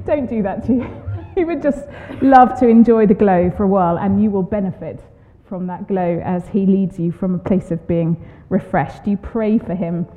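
Woman preaching in a reverberant hall. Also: medium pitch. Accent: Southern English. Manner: warm asides, reads aloud with expression. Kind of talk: sermon reading a testimony. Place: church hall. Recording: tinny phone-like sound, long hall reverb.

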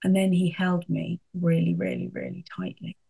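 A middle-aged woman giving an earnest devotional reflection, telling a personal story and softening her voice for emphasis. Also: lowish voice, level tone, moderate pace, creaky, slightly rough. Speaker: speaker sharing a devotional reflection.

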